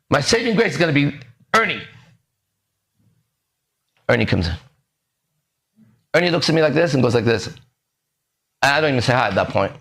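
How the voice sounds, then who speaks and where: A podcast host tells a long story in a loose, profane, animated way. His pitch swings widely as he acts out the other people's voices. His voice sits a little high for a man. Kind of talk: casual storytelling.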